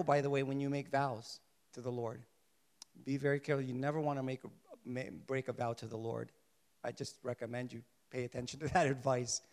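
A man preaching a sermon who keeps asking his listeners questions and answering them, drawing out his key points slowly and softly. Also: mid-range voice. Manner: asks the congregation rhetorical questions and answers them; shifts between soft, slow emphasis and louder bursts.

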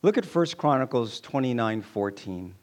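A man's voice: medium pitch, animated, normal speed. A man preaching a sermon to his congregation, emphatic and repeating key lines for weight. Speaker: pastor.

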